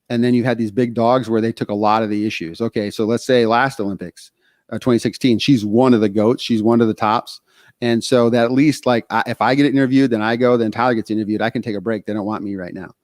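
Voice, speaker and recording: A man from Texas co-hosting a podcast, talking casually in animated stretches, full of fillers and restarts. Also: medium pitch, fast talker, no room sound, clean studio sound. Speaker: podcast co-host.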